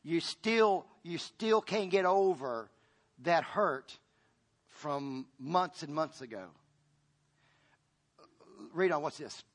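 Preaching a sermon in full pastor mode, a man with a fairly high voice swings from loud, urgent lines to hushed ones. He's expressive and slow, leaving long pauses, and he repeats himself and restarts phrases.

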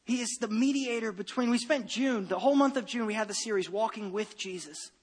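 A man preaching a sermon as pastor, animated and given to repeating his phrases and restarting sentences. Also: high-pitched, brisk, husky, big-room sound.

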